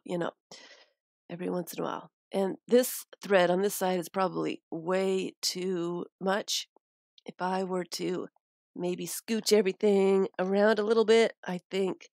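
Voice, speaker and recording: Slow, gravelly-voiced woman demonstrating a craft. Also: fairly low pitch, a little mellow, no room sound, clean studio sound. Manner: unhurried, thinking aloud as she works. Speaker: craft streamer. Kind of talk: live-stream craft demonstration.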